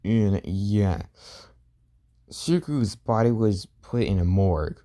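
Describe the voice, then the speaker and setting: Man, improvised storytelling, rambling, lots of filler, dark tone. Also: fairly low pitch, slow. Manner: rambling, fills with "and yeah". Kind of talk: improvised fan story narration.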